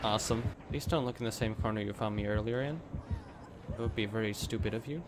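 A man's voice: on the low side, quick pace, background noise. A man playing a co-op game in casual chat, swearing a lot, breaking into panicky outbursts and laughter. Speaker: gaming partner.

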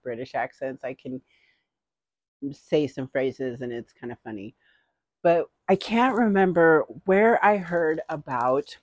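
A woman's voice: low-pitched, a little mellow, no echo. A middle-aged woman vlogger in casual, rambling haul chat, giggling often.

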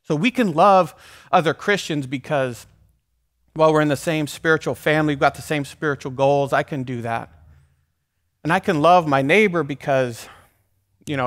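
A male pastor delivers a sermon in an easygoing, talky manner. He breaks off for asides and restarts phrases as he goes. His voice sits at a middle pitch for a man. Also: fairly bright tone. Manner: conversational preaching with asides and restarts.

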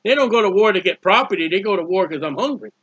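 A man's voice: high-pitched, expressive, quick pace, a bit bright, husky, dry recording. A man preaching a fervent sermon, with many restarts and repeated words. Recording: dull lo-fi recording.

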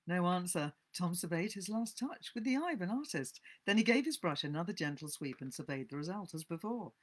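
A woman reading a novel aloud for her book channel and adding her own remarks. Her lowish voice moves through lively, animated swings as she tells the story, expressive and engaged. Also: brisk. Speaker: book vlogger.

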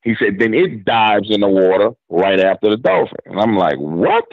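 A man with a New Orleans accent and a voice on the low side, spinning a yarn as a radio guest. He acts out the back-and-forth of a conversation in laid-back, slangy speech. The sound is dry and dull, like lo-fi radio audio. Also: normal speed, creaky, dry recording. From New Orleans, Louisiana. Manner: retells story with quoted back-and-forth dialogue, drawling casual slang. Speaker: guest storyteller. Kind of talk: casual storytelling interview.

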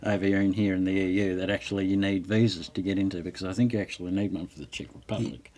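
A man's voice: low voice, steady tone, quick pace, a little mellow, close to an everyday voice. A man with an Australian accent, arguing bluntly and crudely in a comedy film.

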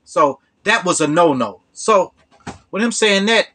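A man from Chicago hosting his own channel, telling a true story casually in a rambling way with many halting restarts and "you know"s. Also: high voice, lively intonation, sharp tone.

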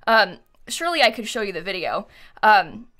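A woman's voice: mid-range voice, very animated, sharp tone. A young woman live-streaming, chatting casually with lots of fillers and little laughs, reading out donations. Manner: quick, giggly, lots of fillers.

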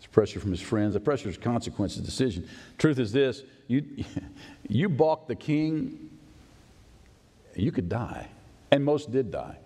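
A man's voice: mid-range voice, animated, a little slow, long pauses, mellow, husky. A male pastor preaching a sermon, emphatic and conversational, often asking the congregation questions. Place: church sanctuary. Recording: long church reverb.

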